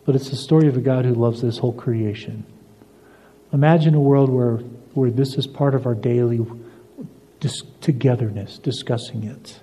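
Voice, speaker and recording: An older man preaching a sermon as pastor, telling stories and moving between emphatic lines and soft, confiding ones. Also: medium pitch, normal speed. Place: church sanctuary. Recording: dull lo-fi recording in a reverberant church hall.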